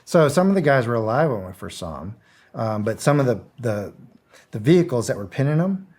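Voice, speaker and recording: A man's voice: mid-range voice, a little fast. A middle-aged man, a guest on an interview show, telling a story in a casual, blunt way, acting out the dialogue and chuckling often. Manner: animated storyteller, acts out quotes, chuckles. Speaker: guest, former security contractor.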